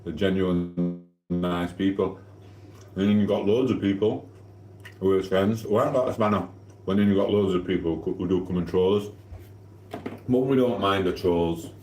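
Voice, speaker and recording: Livestream host, man, very low voice, rambling cheeky banter, eats on mic in a roomy kitchen. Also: fairly even intonation, moderate pace, long pauses, darkish tone, a little hiss or hum. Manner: rambling, cheeky and flirty, eating while talking. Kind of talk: casual live-stream chat. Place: home kitchen.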